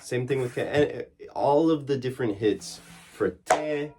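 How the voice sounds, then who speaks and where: A man giving a relaxed one-on-one drum lesson, explaining strokes in halting phrases and singing out the drum syllables. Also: mid-range voice, background noise. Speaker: drum teacher. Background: drumming.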